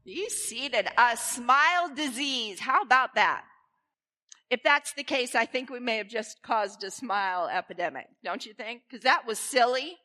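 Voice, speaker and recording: A woman minister giving a sermon in a church, playful and animated as she leads the congregation. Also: a little high, measured pace. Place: church sanctuary. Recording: reverberant church hall.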